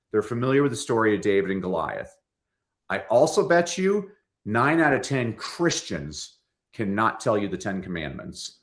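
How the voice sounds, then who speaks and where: A middle-aged man, a storytelling coach, talking as a guest on a podcast and acting out quoted lines in different voices. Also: on the low side. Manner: animated, acts out quotes in voices. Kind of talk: lively podcast conversation.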